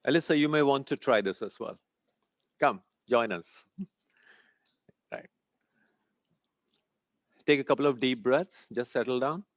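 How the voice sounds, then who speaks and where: A man guides a small group through a breathing and Om chanting exercise. He explains each step patiently and keeps checking in with the class. His voice has an average pitch and is recorded close and dry, with little room sound. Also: a little slow, long pauses, dry recording. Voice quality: sweating, a little warm. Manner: calm, instructive, checks in often with "okay?". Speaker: meditation teacher.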